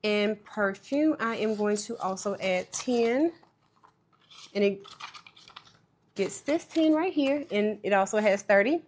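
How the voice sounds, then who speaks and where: A woman's voice: mid-range voice, lively intonation, slow pace, pauses often, slight background noise. A woman casually talking viewers through stuffing cash into budget envelopes, chatty and self-deprecating. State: tearful, voice breaking. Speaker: budgeting vlogger.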